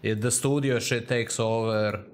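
A crude, joking man streams a game and chats along in casual commentary, reading chat aloud into a headset mic right at his mouth. His lowish voice has fairly even intonation and a measured pace, with a little hiss or hum in the audio.

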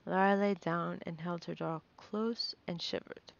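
A woman's voice: lowish voice, fairly even intonation, measured pace, gravelly, dull audio. A woman reading a fantasy novel aloud, nervous, stumbling and correcting herself as she goes. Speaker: reader.

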